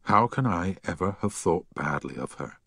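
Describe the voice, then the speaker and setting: A man reading as a quiet, troubled schoolboy, low and intense, his delivery dipping below the narration. The reading sounds dry and close. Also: lively intonation, normal speed, husky, no room sound, heavily acted. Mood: quiet, urgent. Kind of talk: audiobook character voice.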